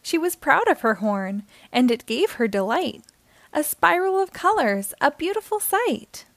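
A woman reading a rhyming children's picture book aloud, with a gentle, lilting storybook rhythm. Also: high voice, sing-song, a little slow, no room sound.

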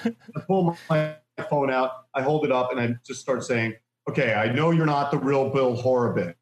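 Animated man telling a story. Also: mid-range voice, moderate pace, echoey room, over music. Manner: animated storyteller, laughs often, puts on voices of others. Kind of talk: casual anecdote.

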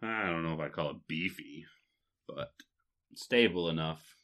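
A man's voice: rumbling low, measured pace, a bit bright. A man from Michigan co-hosting a podcast, chatting casually in a rambling way with fillers and laughs. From Michigan, USA. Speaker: podcast co-host. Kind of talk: casual chat.

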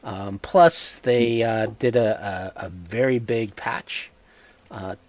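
A man with a New England accent, co-hosting a podcast in casual chat, talking hesitantly with many filler pauses. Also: on the low side. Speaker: podcast co-host.

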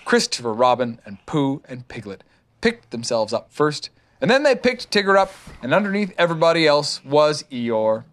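Lively man reading a storybook aloud. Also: a little high, normal speed, slight background noise. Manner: lively, expressive. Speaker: reader.

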